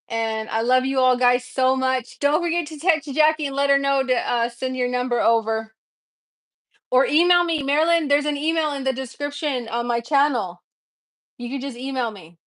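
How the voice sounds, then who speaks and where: A woman's voice: high voice, fairly bright tone, no room sound. A woman hosting a casual livestream from her kitchen, chatting to viewers and laughing often. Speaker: livestream host.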